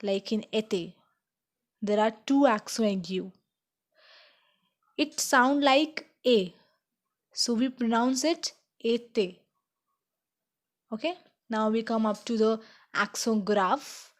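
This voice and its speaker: A woman teaching a slow beginner French lesson, checking in with "okay?" as she explains each point. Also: fairly high pitch.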